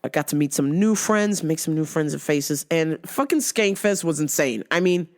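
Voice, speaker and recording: A woman hosting her own show, recapping events in a casual, profane, animated way. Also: sits low, moderate pace. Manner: animated, swears constantly, laughs often. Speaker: show host.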